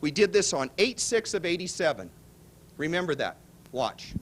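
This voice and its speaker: A man giving a motivational real estate seminar pitch to a live audience, telling stories and acting out both sides of the dialogue. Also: normal speed, slight background noise. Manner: animated storytelling, acts out both sides of dialogue. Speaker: seminar speaker.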